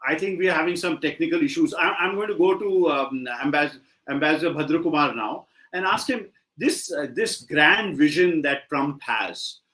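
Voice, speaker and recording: A man hosts a panel discussion with a high, bright voice. He puts polite questions to his guests. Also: moderate pace, echoey room. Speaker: host.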